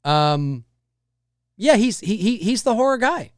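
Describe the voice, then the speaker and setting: An unhurried man with a high voice hosts a casual livestream, rambling animatedly about a film and responding to viewer comments, restarting often and using fillers. The sound is clean studio quality with no room sound.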